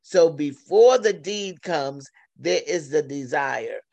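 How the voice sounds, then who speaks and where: A man delivers a sermon at an unhurried, drawn-out pace, his voice rough and gravelly. He sits a little higher than most men and leans on repetition, circling back over each phrase. The sound is dry and close, with no room around it. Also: animated, darkish tone, no room sound. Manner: slow, deliberate preaching with repeated phrases. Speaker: preacher. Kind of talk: sermon over a phone line.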